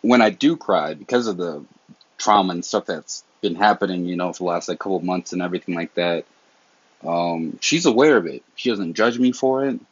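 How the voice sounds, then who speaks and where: A young Southern man talks straight into the mic on his own podcast, candid and slangy, his voice low and husky. The recording is dry and a little dull, like lo-fi home gear. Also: lively intonation, fairly quick, no room sound. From American South. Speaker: podcast host. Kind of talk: casual solo podcast talk.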